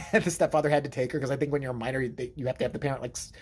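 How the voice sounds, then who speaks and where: A man's voice: medium pitch, steady tone, racing. A man telling a long personal story in a casual vlog monologue, profane and rambling, correcting himself as he goes. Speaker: vlogger telling a family story.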